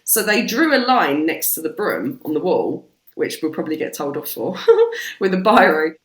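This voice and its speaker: A British woman, a podcast guest, telling stories in a casual, animated way and swearing freely. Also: deep voice, moderate pace. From Britain. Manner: animated, swears freely, acts out quoted voices. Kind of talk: casual storytelling chat. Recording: roomy echo.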